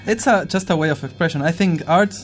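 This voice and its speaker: A man's voice: fairly high pitch, fast, faint music behind. A musician chatting casually and earnestly, searching for his words and asking rhetorical questions. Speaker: musician in conversation. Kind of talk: casual reflective chat.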